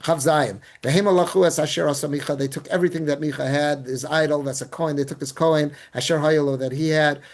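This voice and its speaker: A man teaching as a rabbi, reading Hebrew verses and then retelling them in casual, animated English. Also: on the high side, fast talker, few pauses. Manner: animated storytelling. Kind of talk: Torah class.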